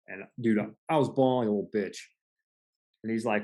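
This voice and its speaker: A man's voice: lowish voice, steady tone, brisk, darkish tone. A man in his forties hosting a podcast, telling stories earnestly and casually, with some swearing. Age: 40s. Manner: earnest storyteller, profane. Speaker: podcast host. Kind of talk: casual conversation.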